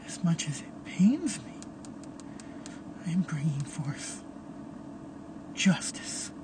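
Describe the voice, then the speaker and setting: A man's voice: high-pitched, a little slow, noisy background. A man voicing a vengeful young man turned killer, bitter and menacing, often in a harsh whisper. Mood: cold menace.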